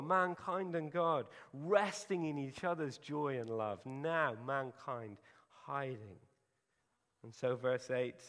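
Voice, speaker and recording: A man preaching a sermon, earnest and emphatic, pausing for effect. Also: medium pitch. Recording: hall reverb.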